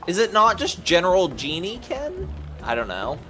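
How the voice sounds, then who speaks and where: A man playing a tabletop game, chatting in an unhurried, playful way and searching for his words. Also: high voice, wildly swooping pitch, pushed and bright, faint music behind. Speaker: player. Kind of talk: casual chat at a tabletop game.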